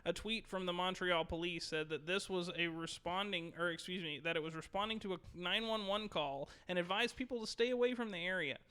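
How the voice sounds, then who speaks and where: A man's voice: sits high, a little fast, hardly any pauses, clean tone. A man co-hosting a gaming podcast who chats easily and reads news stories aloud, stopping now and then to correct himself. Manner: easygoing, trails off softly, corrects himself while reading. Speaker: podcast co-host. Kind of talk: casual chat and reading news aloud.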